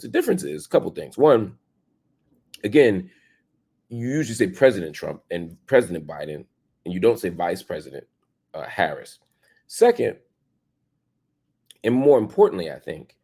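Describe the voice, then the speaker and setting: A man's voice: big pitch swings, moderate pace, gravelly, long pauses, darkish tone, breathy edge. A man hosting an opinion commentary show, arguing emphatically with rhetorical questions and casual slang. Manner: emphatic, rhetorical questions, pitch jumps for stress.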